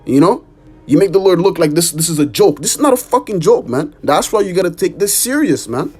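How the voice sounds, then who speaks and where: A man's voice: high voice, expressive, a little fast, darkish tone, slightly rough, soft background music. A man preaching an informal sermon and reading scripture, emphatic, repeating "man" and cursing for emphasis. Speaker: street preacher.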